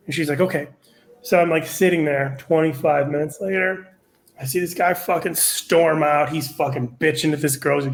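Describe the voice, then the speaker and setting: Middle-aged male comic guest, slightly high voice, rambling, profane storyteller. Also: steady tone, fairly quick, slight background noise. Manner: rambling, filler-heavy, profane. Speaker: comedian guest. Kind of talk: casual storytelling.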